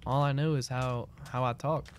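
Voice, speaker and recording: A man's voice: medium pitch, fairly even intonation, moderate pace, a little hiss or hum. A man streaming a game, chatting casually in a loose, slangy, rambling way as he answers his chat. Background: keyboard clicks and typing.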